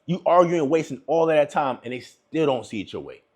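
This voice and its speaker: A man's voice: fairly high pitch, expressive, brisk, husky. A young man giving relationship advice to viewers in a casual, emphatic monologue, repeating his points and calling listeners bro.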